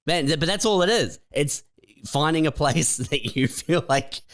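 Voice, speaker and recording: A man's voice: a little high, expressive, moderate pace, dry recording, studio quality. A young adult man co-hosting a casual comedy podcast, laid-back and laughing along, often saying "man". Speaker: podcast co-host.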